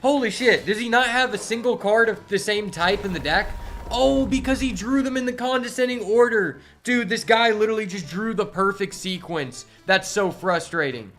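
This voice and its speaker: Bright-voiced excitable male streamer. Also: high-pitched, moderate pace, faint music behind. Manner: excitable, exasperated, swears a lot. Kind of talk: live gameplay commentary.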